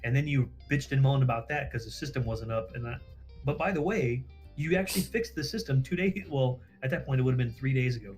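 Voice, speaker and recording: A man's voice: medium pitch, fast talker, darkish tone, soft background music. A man casually telling a story on a livestream, acting out quoted dialogue, swearing freely and laughing at himself.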